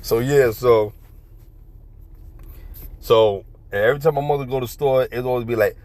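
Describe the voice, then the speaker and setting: Brief: New guy ranting casually, mid pitch, profane, repetitive storytelling. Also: normal speed, darkish tone, no room sound. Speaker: vlogger. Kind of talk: casual rambling monologue.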